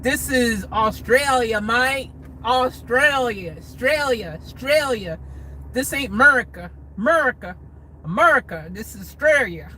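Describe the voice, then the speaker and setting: A man's voice: extremely high pitch, lively intonation, measured pace, pushed and bright, slight background noise, pitched above the performer's own voice, exaggerated voice, low-quality recording. A man voicing a boisterous mock Australian bloke in an exaggerated put-on accent, chanting words over and over. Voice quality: exaggerated put-on accent, sing-song repetition.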